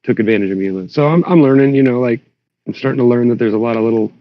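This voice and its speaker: A man chatting casually on a voice call, rambling through a story and getting animated when he quotes himself. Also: mid-range voice, racing, dry recording. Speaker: Discord server member. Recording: dull lo-fi voice chat audio.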